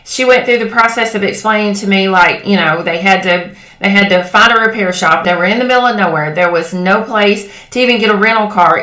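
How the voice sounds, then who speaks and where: A woman's voice: mid-range voice, bright, forceful tone. A woman coaching other women in a motivational talk, direct and coaxing, often checking in with "okay?" and "right?". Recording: echoey room.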